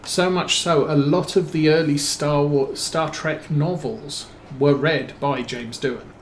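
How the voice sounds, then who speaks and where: Slow, rambling man in an echoey room. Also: on the high side, fairly even intonation, a little hiss or hum. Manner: rambling, hesitant, many fillers and restarts. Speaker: streamer. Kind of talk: casual storytelling while playing a farming game.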